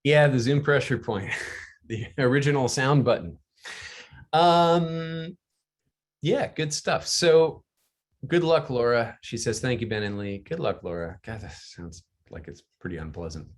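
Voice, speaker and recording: A man's voice: medium pitch, animated, unhurried. A man co-hosting a video call, reading out viewer questions in an upbeat, friendly way. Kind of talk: casual moderating on a video call.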